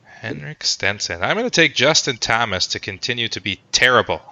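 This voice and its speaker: Bright-voiced joking male podcast host. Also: medium pitch, animated, fairly quick, creaky, no room sound. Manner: joking, rambling with many fillers. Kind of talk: casual sports podcast chat. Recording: dull lo-fi sound.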